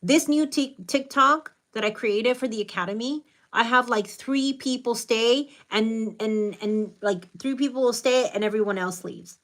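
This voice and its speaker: With a slightly high, somewhat bright voice, she speaks at a measured pace with hardly any pauses. She's a middle-aged woman from the United States whose American English carries a Hispanic Latin accent, hosting a live stream where she greets viewers by name and gives reflective spiritual advice.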